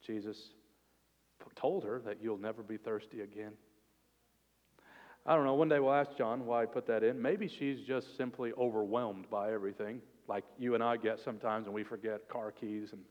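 A man preaching a sermon as pastor, earnest and expressive, sometimes dropping to a soft, intimate tone. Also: medium pitch, muffled recording. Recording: long reverb of a hall.

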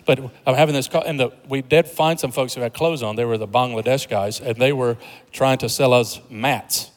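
A man's voice: medium pitch, fairly quick. Man preaching in a reverberant hall. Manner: conversational preaching with humor, building to emphatic rises. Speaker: pastor. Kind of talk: sermon.

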